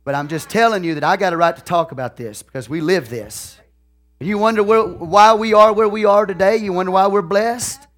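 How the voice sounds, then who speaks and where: In a high voice and at a slightly fast pace, a pastor with a Texan accent preaches a folksy sermon. He peppers it with "okay?" and "hallelujah," alternating soft asides with shouted lines.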